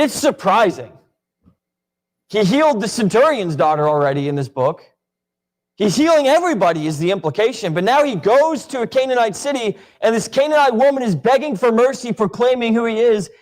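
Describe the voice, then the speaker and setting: A man's voice: sits high, sing-song, a little fast. A man teaching a Bible class in a casual, questioning way with many fillers, in a church classroom.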